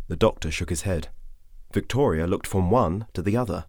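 A man narrating an audiobook in a measured, expressive storytelling manner. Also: low voice, slightly rough, no room sound, clean studio sound. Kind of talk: audiobook reading.

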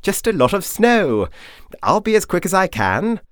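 A man voicing a brisk, kindly, distracted middle-aged traveller in a breezy, evasive manner. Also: high voice, sing-song, dry recording, studio quality, pitched above the performer's own voice.

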